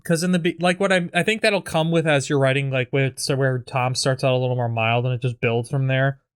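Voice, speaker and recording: A man's voice: medium pitch, steady tone, fairly quick, clean tone. A man co-hosting a comedy podcast, chatting casually and rambling through ideas with lots of fillers. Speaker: podcast co-host. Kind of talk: casual chat about sketch writing.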